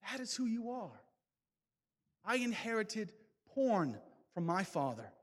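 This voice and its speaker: This impassioned testimony talk comes from a man whose high voice swings widely and takes on a sing-song quality. He speaks slowly and deliberately like a preacher, rising to loud calls as the big hall's long reverb rings out.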